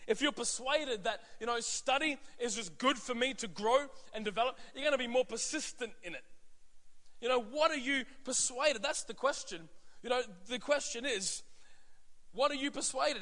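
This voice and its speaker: Pastor, thirties, male; bright, easygoing preaching voice with a long reverb. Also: very high voice. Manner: conversational, many fillers and asides. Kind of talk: sermon.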